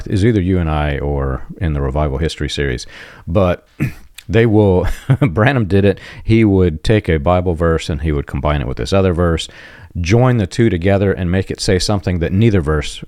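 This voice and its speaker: A man's voice: deep voice, darkish tone, no echo, clean studio sound. A man talking earnestly about religious teaching, emphatic and given to repeating his main points. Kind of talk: conversational commentary on religion.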